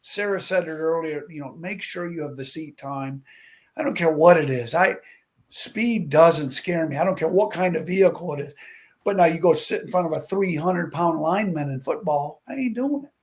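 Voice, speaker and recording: A middle-aged man, a former stuntman and drag racer, chatting as a talk-show guest and telling animated stories. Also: a little high, normal speed. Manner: animated storyteller who acts out quotes. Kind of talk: casual talk-show chat.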